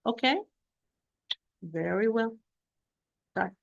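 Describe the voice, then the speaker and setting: A woman's voice: fairly high pitch, creaky, dull audio. Patient woman teaching recitation. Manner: patient, repeats and checks with "okay?"; demonstrates sounds slowly. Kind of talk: online lesson.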